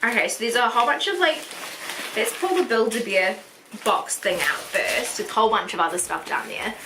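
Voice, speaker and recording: A woman's voice: a little high, fairly quick. A New woman in her twenties chatting through a birthday haul vlog, gushing and chatty, full of "like" and "oh my god". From New Zealand. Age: 20s. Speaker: beauty vlogger. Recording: echoey room with faint hiss.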